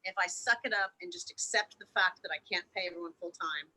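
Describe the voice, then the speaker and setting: A woman's voice: on the low side, fast, sharp tone, rough recording. A woman guest on a podcast telling a painful story in an emotional, unfiltered way, swearing freely and often stumbling and restarting her sentences. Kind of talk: candid storytelling interview.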